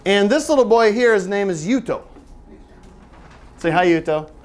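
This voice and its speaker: High-voiced man joking with a seminar crowd. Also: expressive, normal speed. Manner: chatty, joking, audience-engaging. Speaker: author and teacher giving a seminar. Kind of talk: live workshop presentation. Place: lecture room with an audience.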